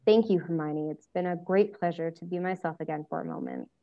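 A woman's voice: fairly low pitch, very animated, brisk, mellow, highs cut off, soft background music. A woman voicing a brooding, sardonic older male wizard who drawls his lines dryly. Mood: wry. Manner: dry, drawling.

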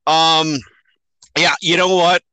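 A man with a very bright, sharp tone and a slightly higher voice holds forth in a casual movie review chat. He swears, laughs and piles on exasperated mockery. The sound is close and dry. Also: little pitch movement, slow pace, smooth, dry recording, rough recording. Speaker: podcast host.

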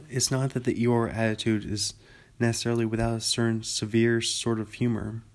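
A calm man reading an audiobook in a flat voice. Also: mid-range voice, fairly quick. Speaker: narrator. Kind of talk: audiobook narration.

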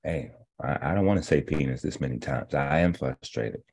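A man hosting a health show, lecturing bluntly and profanely in a casual rant, slowing down to explain points step by step. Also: rumbling low, expressive, darkish tone, slightly rough. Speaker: host of a natural health show. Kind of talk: ranting casual commentary.

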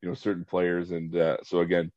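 A man's voice: deep voice, monotone, a little fast, a little mellow, no room sound. A man hosting an interview, chatting in an affable way while asking his guest questions. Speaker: podcast host. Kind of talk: conversational interview. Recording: dull, dry lo-fi audio.

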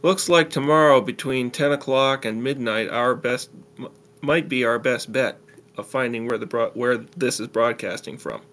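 A man's voice: medium pitch, moderate pace, fairly bright tone, natural voice. A man doing a chipper radio-ham buddy. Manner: chipper, fussy about radio etiquette. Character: young male radio-ham friend, chipper and proper.

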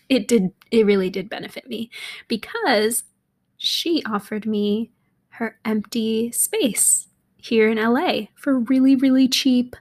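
A woman's voice: fairly high pitch, slow. Chatty young woman rambling with laughs. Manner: chatty and rambling, laughs often, drops to half-whispers. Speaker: podcast host. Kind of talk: casual solo podcast monologue. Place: apartment in a city.

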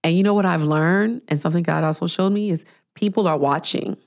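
A woman in her thirties hosting a podcast, her voice sitting a little low. She talks in a casual, chatty way and brings her stories to life by playing out what other people said. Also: brisk. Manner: animated storytelling, acting out quoted people. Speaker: podcast host. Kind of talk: casual chat.

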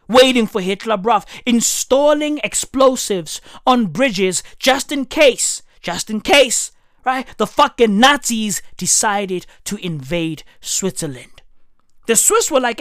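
A woman's voice: mid-range voice, a bit bright, no room sound, studio quality. A woman doing a profane comedic rant, heavy on slang, riffing and swearing constantly. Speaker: comedic commentator.

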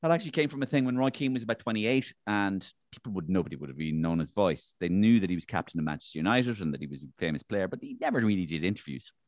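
Impressionist guy, low but bouncy voice, bright and dry close up. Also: quick pace, few pauses, no room sound. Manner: lively storyteller who acts out voices. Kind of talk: conversational interview.

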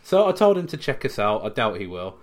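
A man co-hosts a podcast, telling stories in casual chat with a lowish, sing-song voice at a slightly fast pace. He rambles, using lots of fillers and frequently restarting his sentences.

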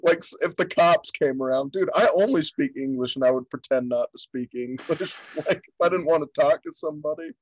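A man's voice: fairly high pitch, brisk, few pauses, poor audio. A man who is a comedian, chatting casually as a podcast guest in a laid-back way. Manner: laid-back, says dude and man a lot. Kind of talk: casual chat.

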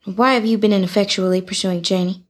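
A woman's voice: mid-range voice, steady tone, quick pace, natural voice. An actress playing a stubborn young girl set on justice, speaking bluntly in formal, old-fashioned sentences. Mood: determined. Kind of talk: film dialogue.

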